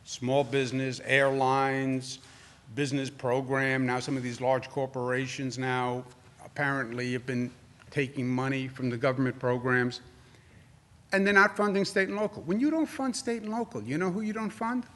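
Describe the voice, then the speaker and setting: A man in his sixties with a New York accent, answering reporters at a press briefing. He talks forcefully, repeats his points and builds to indignant emphasis. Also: medium pitch, steady tone, normal speed.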